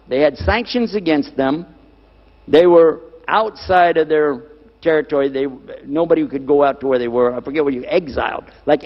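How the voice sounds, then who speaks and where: A man giving a religious lecture to a live audience, firing rhetorical questions at them and repeating key words for emphasis. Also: a little high. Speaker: lecturer on Islam. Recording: dull lo-fi recording in a reverberant hall.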